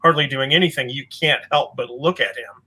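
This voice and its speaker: A man's voice: medium pitch, brisk, bright, forceful tone, husky, low-quality recording. A man hosting a casual video interview, asking long, hedged questions with fillers. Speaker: interview host.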